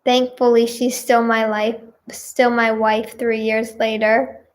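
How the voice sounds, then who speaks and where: Woman, higher voice, slow unhurried delivery, giggly exclamatory reactions, casual reading aloud. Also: little pitch movement. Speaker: singer and video creator.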